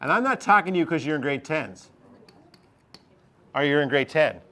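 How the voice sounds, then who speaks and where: A man's voice: on the high side, lively intonation, normal speed, fairly bright tone. A male teacher, giving a chatty classroom lesson and often checking in with his class.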